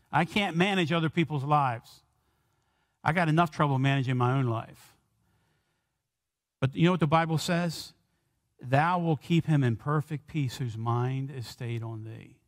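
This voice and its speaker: A man preaching a sermon, earnest, slowing and lifting his voice when he quotes prayers. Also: fairly high pitch. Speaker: pastor. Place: church sanctuary. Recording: long church hall reverb.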